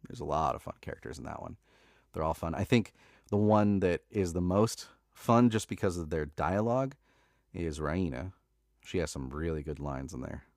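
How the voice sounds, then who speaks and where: Casual male host with a low voice and a dry, close sound. Relaxed, rambling, filler-heavy live-stream chat. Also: normal speed, creaky, no room sound. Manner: laid-back and chatty, many fillers and laughs, says "dude".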